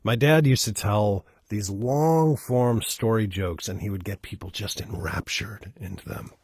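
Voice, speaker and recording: Deep-voiced, rambling man storyteller. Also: a little slow, darkish tone, slightly rough, no room sound, clean studio sound. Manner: rambling, self-deprecating, stumbles over words. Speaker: storyteller reading listener requests. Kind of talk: casual live-stream reading.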